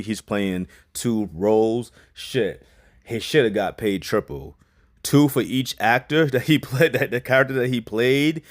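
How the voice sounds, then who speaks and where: A man from New giving a loose, profane, casual film review, repeating himself and laughing often. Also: lowish voice. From New York. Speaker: movie reviewer.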